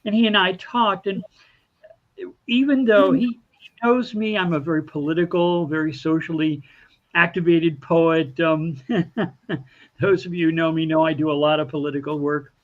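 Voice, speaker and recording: A man, a poet, giving a thoughtful spoken tribute over a video call, halting and repeating words. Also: fairly high pitch, steady tone, phone-quality sound. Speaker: poet and show producer.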